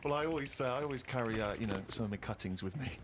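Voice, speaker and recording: A man's voice: medium pitch, racing, background noise. A man on a comedy podcast, telling a rambling, self-deprecating story with growing exasperation. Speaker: co-host. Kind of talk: comic anecdote in casual chat.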